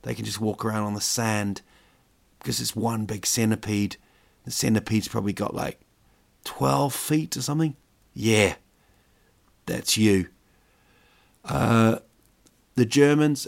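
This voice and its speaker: A man with a fairly low voice rambles through a joking monologue as host. He wanders, fills pauses with "um" and stretches of thought, and keeps it loose and comic. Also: gravelly. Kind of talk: casual comedic monologue.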